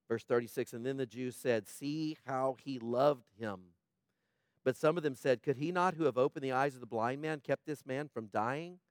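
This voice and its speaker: A man preaching a sermon to a congregation, asking rhetorical questions and moving between hushed, quiet passages and loud, fervent ones. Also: mid-range voice, no room sound, studio quality. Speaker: pastor.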